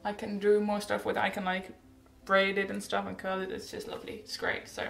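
A woman's voice: medium pitch, monotone, a little fast, gravelly, reverberant, soft background music. A teenage girl chatting casually in a rambling, bubbly update vlog, often laughing and correcting herself. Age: teens. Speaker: vlogger.

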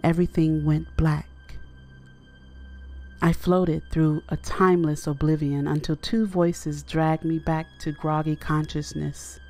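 A woman narrating a horror story in a measured, low-key way. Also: flat delivery, mellow, faint music behind.

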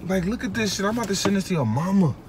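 A man's voice: high voice, animated, very fast, noisy background. A young man, alarmed and pleading with his girlfriend, swearing often. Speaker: boyfriend being pranked. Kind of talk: casual prank reaction.

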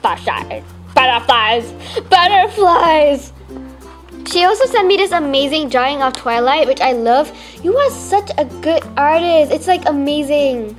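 A teenage girl from Malaysia, gushing excitedly as she unboxes fan mail at home. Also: sits high, normal speed, few pauses, soft background music. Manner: gushing, excitable fangirling with many "oh my gosh". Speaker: vlogger.

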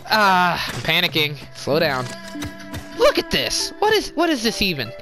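A woman giving casual let's-play commentary, chatty and apologetic, quick to exclaim at what happens on screen. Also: lowish voice, huge pitch swings. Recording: game music behind voice.

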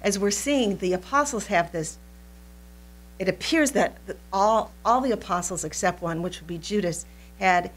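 A woman teaching a recorded Bible study in an animated, playful way, laughing often. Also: fairly low pitch, slight background noise.

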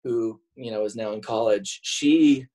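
A man's voice: fairly low pitch, a little slow, mellow, poor audio. Joking, self-mocking man telling stories. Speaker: podcast guest. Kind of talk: casual interview chat.

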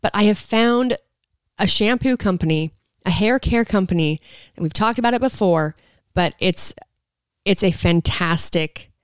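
A woman's voice: mid-range voice, clear, resonant tone, no room sound, clean studio sound. A woman hosting a casual podcast from a living room, teasing and blunt with frequent giggles. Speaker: podcast host. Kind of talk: casual chat and read ad. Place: living room at parents' house.

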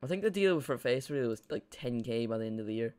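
A young Irish man chatting and rambling excitably through a live football watch-along stream. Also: medium pitch, fast talker, clear, resonant tone.

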